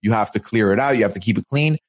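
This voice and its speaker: On a podcast he co-hosts, a man with a voice on the low side chats casually while recapping a reality show. He restarts his sentences haltingly and acts out quotes.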